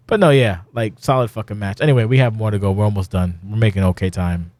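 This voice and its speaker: A man's voice: fairly low pitch, fast, darkish tone. A middle-aged man hosting a casual podcast, rambling and swearing bluntly. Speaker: podcast host.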